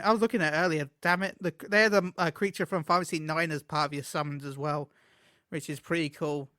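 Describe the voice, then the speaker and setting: A man co-hosting a casual gaming podcast, excitable and quick to laugh, often tripping over his words. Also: fairly high pitch, no echo, clean studio sound. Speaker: podcast co-host.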